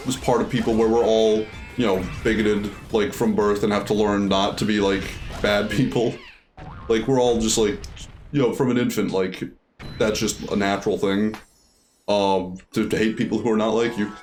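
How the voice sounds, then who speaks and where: A man's voice: lowish voice, darkish tone. A man chatting casually while playing a video game, thinking aloud with many fillers. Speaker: let's play streamer. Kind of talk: casual gameplay chat.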